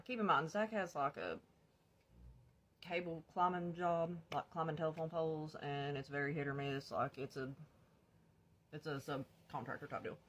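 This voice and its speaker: There's a little hiss or hum as a young woman with a deep voice tells the camera her story. Animated and informal, she swears liberally, laughs frequently, and refers to her audience as y'all.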